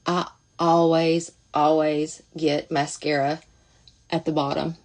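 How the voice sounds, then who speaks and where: A woman's voice: low voice, little pitch movement, takes it slowly, darkish tone. A woman talking casually through a makeup demonstration, chatty and thinking aloud as she goes. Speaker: makeup seller demonstrating products.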